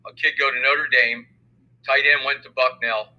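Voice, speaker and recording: An older man, a football coach answering interview questions in a measured, thoughtful way. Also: mid-range voice, flat delivery, pushed and bright, rough recording. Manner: measured, thoughtful, many fillers. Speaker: high school football coach. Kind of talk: interview conversation.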